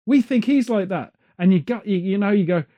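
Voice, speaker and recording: Joking podcast host, high mellow voice. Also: male voice, animated, a little fast. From England. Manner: rambling, joking, off on tangents. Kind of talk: casual chat. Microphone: headphones on, studio mic.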